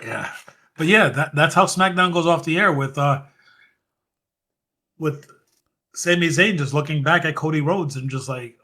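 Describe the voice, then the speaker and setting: A man hosting a podcast, recapping a match in casual chat. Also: on the high side. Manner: animated, fast-running recap. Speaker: podcast host.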